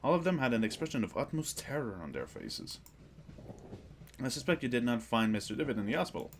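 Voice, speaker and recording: A man's voice: mid-range voice, very animated, gravelly, slight background noise. A man reading a formal, grave doctor. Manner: measured, formal, explanatory. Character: older male doctor bringing grim news.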